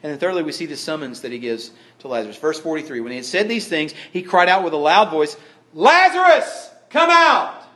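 Pastor preaching, higher-pitched man, folksy, drops to a hush then booms. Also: expressive, quick pace, few pauses. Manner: folksy, repeats phrases for emphasis; swings between hushed tones and loud declarations. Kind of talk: sermon.

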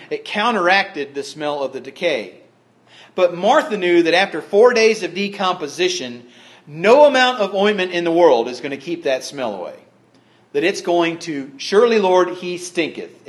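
Man preaching with dry humor. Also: on the high side. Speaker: pastor. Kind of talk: sermon.

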